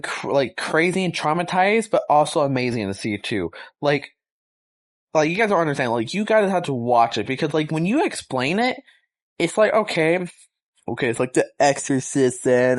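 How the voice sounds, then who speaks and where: A young man casually reviewing a movie, excited and rambling, full of slang and fillers. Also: a little high.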